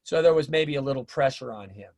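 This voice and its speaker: A middle-aged man telling stories in a casual interview, animated and acting out the voices of people he quotes. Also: medium pitch, quick pace. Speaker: drummer and teacher, interview guest.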